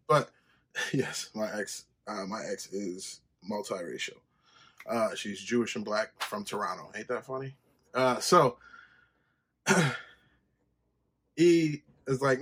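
A man hosting a podcast, telling a personal story in a casual, profane monologue and acting out quoted conversations in a higher voice. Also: moderate pace, bright, forceful tone. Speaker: podcast host.

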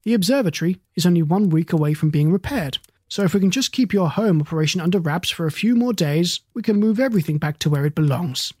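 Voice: medium pitch, lively intonation, fast talker, darkish tone, slightly rough, dry recording. A fussy, courteous old star-keeper, voiced by a storyteller, portly and easily flustered. He talks politely and reaches for fancy words. The sound is close and dry.

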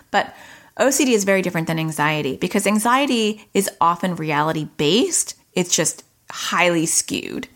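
A woman from New York hosting an educational podcast, explaining points in a direct way with quick asides. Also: lowish voice, fairly bright tone. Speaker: podcast host.

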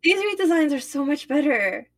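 A woman's voice: high voice, very animated, moderate pace. A young woman co-hosting a podcast, chatting playfully about films with dramatic, swearing outbursts. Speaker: podcast co-host. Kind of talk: casual fan chat.

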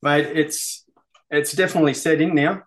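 This man's voice is on the high side with fairly even intonation and a moderate pace. He's an Australian metal musician guesting in a casual interview, laid-back and sweary, saying "mate" a lot.

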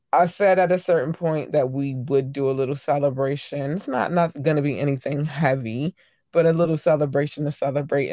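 A woman hosts her own podcast solo, chatting casually and giving effusive shout-outs to listeners, with frequent ums and sudden swings into loud, excited bursts. Her voice sits low, and there's no echo.

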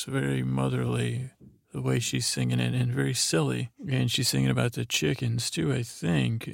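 A man's voice: mid-range voice, vocal fry, no room sound, studio quality. A man hosting a bedtime podcast, rambling through a meandering, drowsy recap meant to lull listeners to sleep. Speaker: podcast host.

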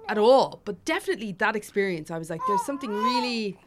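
Animated, sweary woman podcast host. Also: mid-range voice, very noisy. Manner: animated, swears freely, quick reactions. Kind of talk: casual chat, storytelling.

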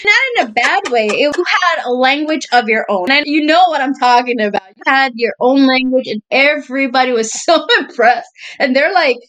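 High-voiced chatty woman. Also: normal speed, hardly any pauses, a bit bright. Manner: chatty, laughs often, addresses friend as girl. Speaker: podcast co-host. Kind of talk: casual storytelling chat.

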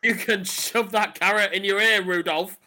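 A man's voice: sits high, fairly even intonation, moderate pace, bright, forceful tone. A man voicing a brash, boastful pub landlord who blusters and insults people, improvised in a role-play game. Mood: rude.

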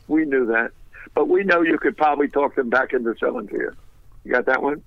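A man telling a business story in a fast, animated, wisecracking way, laughing at his own punchlines. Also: mid-range voice, vocal fry, no room sound, highs cut off. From United States.

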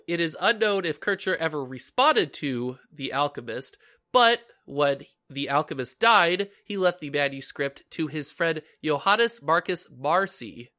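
A stuffy-nosed man hosting a casual podcast, his voice a touch high and very bright, almost sharp. He sounds nasal and blocked up, laughs often and stumbles over tricky names as he tells the story. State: congested, stuffy nose. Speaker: podcast host.

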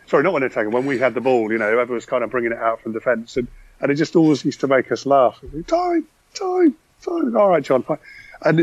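A man's voice: medium pitch, a bit bright, no echo. Podcast guest: man, enthusiastic chatter full of restarts, dry dull-sounding line. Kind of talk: casual football chat.

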